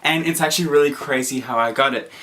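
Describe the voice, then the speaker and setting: A young man telling a story to camera in a casual, excitable vlog, full of fillers and acted-out quotes. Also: medium pitch, fast, slight background noise. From Australia. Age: young adult. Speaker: vlogger.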